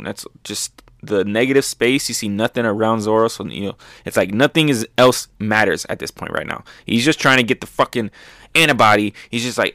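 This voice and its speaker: A man's voice: fairly low pitch, fairly quick, bright, forceful tone, no room sound, studio quality. A man hosting a manga review, chatting loosely with lots of fillers and swearing as he recaps chapters. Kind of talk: casual recap commentary.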